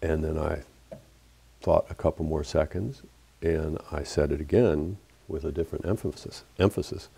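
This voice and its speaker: A man's voice: a bass voice, fairly even intonation, normal speed, gravelly, dark tone, slightly rough. A middle-aged man giving a public talk as an author, telling a story in an earnest, reflective way with frequent fillers. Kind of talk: lecture storytelling.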